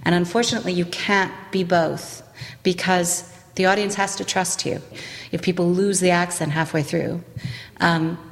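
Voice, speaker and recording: A woman's voice: on the low side, steady tone, normal speed, vocal fry, long reverb tail. A woman dialect coach explaining how she teaches an accent to actors, demonstrating the vowel sounds as she goes.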